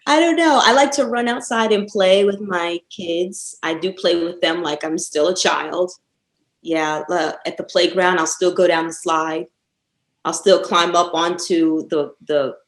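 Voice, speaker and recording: Laughing woman guest in an echoey room. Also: fairly low pitch. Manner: laughs often, lively storytelling. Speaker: podcast guest, author. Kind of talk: casual interview chat.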